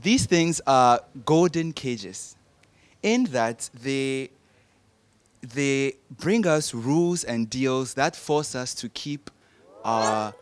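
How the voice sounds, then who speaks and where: A young man explains his argument on a panel, lecturing and pausing to search for words. He speaks slowly, and his voice sounds smooth and clear. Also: mid-range voice, expressive. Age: young adult. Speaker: panel guest.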